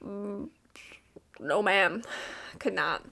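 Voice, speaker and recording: A woman's voice: medium pitch, very slow, creaky, pushed and bright. A young woman co-hosting a casual podcast, telling rambling stories full of fillers and restarts. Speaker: podcast co-host. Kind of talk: casual chat.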